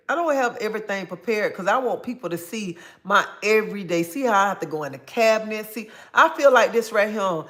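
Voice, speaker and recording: A woman's voice: mid-range voice, a bit bright. Brief: middle-aged woman, livestream host, emphatic and repetitive, calls everyone honey. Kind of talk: casual livestream chat answering viewers.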